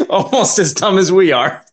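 A man's voice: high voice, huge pitch swings, unhurried. A man co-hosting a podcast in casual chat, amused and self-mocking, laughing often. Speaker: podcast co-host.

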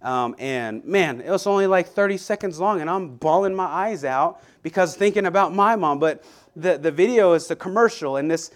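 A man preaching a Sunday sermon in an earnest, conversational way, with frequent restarts and slow, deliberate scripture reading. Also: sits high. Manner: reads scripture aloud slowly and deliberately.

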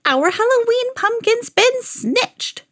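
Mom doing a squeaky cranky old lady, super old, cries out high. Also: very animated, slow, a bit bright, heavily acted. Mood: outraged. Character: cranky 700-year-old witchy woman.

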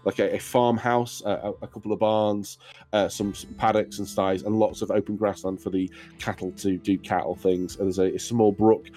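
A man's voice: on the low side, little pitch movement, normal speed, dark tone, faint music behind. Man narrating a tabletop game. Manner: loose, hesitant, full of fillers. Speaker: game master.

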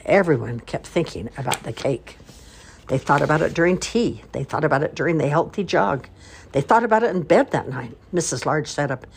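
An older woman reading a children's storybook aloud, warm and expressive. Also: low voice, a little fast, slight background noise.

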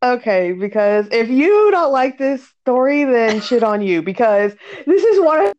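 A woman's voice: on the high side, big pitch swings, normal speed, a little mellow. A woman co-hosting a podcast, telling a story in casual chat, laughing hard and swearing freely. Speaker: podcast co-host. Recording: dull lo-fi sound.

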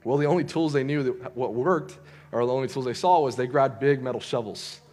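A young man preaching a casual sermon tells his story loosely, stumbling into fillers and quick restarts along the way. He speaks at a typical middle pitch, with soft music faintly audible behind him as the youth preacher.

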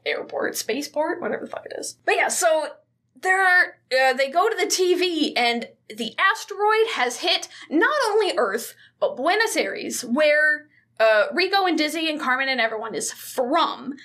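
A woman's voice: high-pitched, lively intonation, unhurried, bright, forceful tone. A woman co-hosting a podcast, recapping a movie in casual chat, swearing freely and acting out the characters. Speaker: podcast co-host.

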